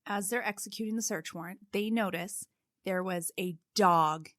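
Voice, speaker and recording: A woman's voice: mid-range voice, normal speed, fairly bright tone, dry recording, clean studio sound. A woman co-hosting a casual podcast, steadily walking her listener through a case with frequent "like" fillers. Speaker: podcast co-host telling the case. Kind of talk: casual true-crime podcast narration.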